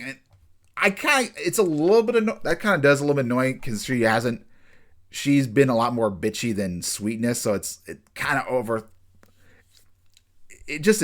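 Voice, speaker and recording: A man with a mid-range, slightly bright voice casually reviews an anime episode. He rambles with lots of fillers, restarts his sentences often, and jumps in and out of quick bursts acting out the characters' lines.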